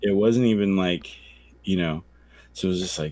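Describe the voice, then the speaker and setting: A man's voice: low-pitched, normal speed, a little mellow, no room sound. A man co-hosting a podcast, telling a long story in casual chat, acting out quoted voices and swearing freely. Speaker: podcast co-host.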